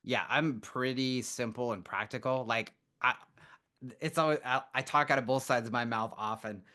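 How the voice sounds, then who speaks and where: On a podcast, a male guest with a mid-range voice and moderate pace tells stories casually and with lots of animation. Throughout the storytelling interview, he acts out people's quotes.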